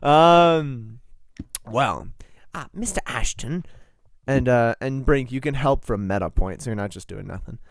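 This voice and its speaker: A young man running a tabletop game, rambling and often laughing at himself as he improvises. His voice is smooth and resonant, recorded dry and close. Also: medium pitch, measured pace, no room sound. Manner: giggly, rambling, self-deprecating. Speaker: game master.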